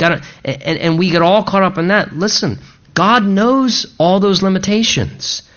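A man's voice: high voice, a little slow, fairly bright tone, dull audio. A male pastor preaching a sermon in an earnest, emphatic way, repeating rhetorical questions to drive his points home.

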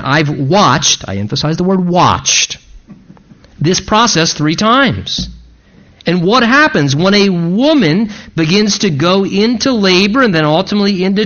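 High-voiced emphatic preacher, man. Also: a bit bright, muffled recording. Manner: emphatic preaching, rising intensity on key phrases. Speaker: pastor. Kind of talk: sermon.

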